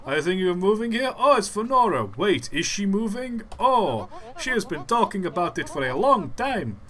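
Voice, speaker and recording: A man doing a high, excited put-on accent for a cheerful village helper in a game. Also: moderate pace. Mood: cheery.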